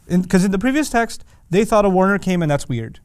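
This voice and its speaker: A man's voice: sits high, a little fast, clear, resonant tone, dry recording. Emphatic man lecturing on scripture. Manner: animated, emphatic, asks rhetorical questions. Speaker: Quran teacher. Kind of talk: lecture on Quranic language.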